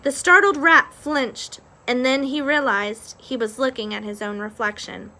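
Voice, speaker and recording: A woman's voice: sits high, unhurried, pushed and bright, rough recording. A woman reading a children's novel aloud with expression, after a casual recap. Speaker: reader.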